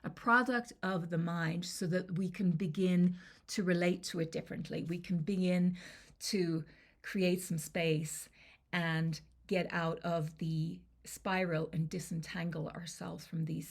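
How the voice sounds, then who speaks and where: Gravelly low-voiced woman confidence coach. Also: steady tone, a little slow. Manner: conversational, checks in with "okay?". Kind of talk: coaching lesson to camera.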